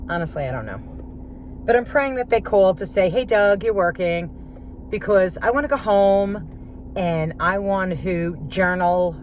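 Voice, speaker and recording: A woman vlogs sarcastically on her phone, addressing viewers as friends while running errands in the car and grocery store before cooking in her kitchen. Her mid-range voice has a darkish tone, and a little hiss or hum sits in the audio.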